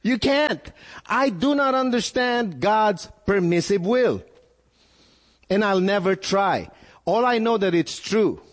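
A man's voice: high voice, lively intonation, takes it slowly. A male pastor preaching a sermon, putting questions to his listeners and repeating words as he builds his point. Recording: echoey hall with long reverb.

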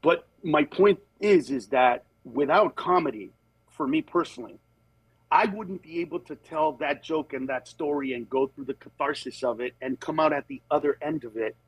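Lively, husky-voiced comedian man. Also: a little high, no room sound, rough recording. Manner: animated storytelling, slips into quick character voices; earnest and emphatic on serious points. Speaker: stand-up comedian guest. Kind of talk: casual podcast conversation.

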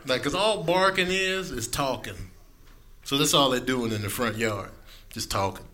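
A male stand-up comedian, animated and acting out pets in silly voices. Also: mid-range voice, moderate pace. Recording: noisy live club recording.

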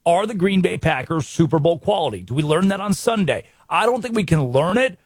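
A man's voice: high-pitched, animated, breathy edge, no echo. Wry American man hosting sports talk. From United States. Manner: brisk, wry, rhetorical questions. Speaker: sports radio host.

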